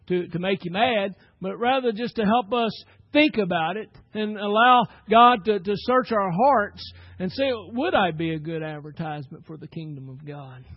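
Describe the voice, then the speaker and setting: Pastor guy preaching, kinda high voice, keeps asking amen?, dry muffled audio. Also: no room sound. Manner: preaching with pauses and call-outs of "Amen?". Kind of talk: sermon.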